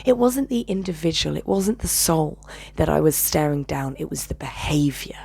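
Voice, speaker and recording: A woman with a low, husky voice recounts a personal story. She speaks with intensity, swears freely, and swings between raised, emphatic phrases and hushed whispers. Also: expressive, normal speed. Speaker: channel host.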